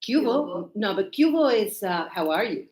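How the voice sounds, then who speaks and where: A woman teaching an English lesson to a live class in a chatty, playful way, checking in with quick questions. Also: medium pitch, sing-song, darkish tone, echoey room, low-quality recording.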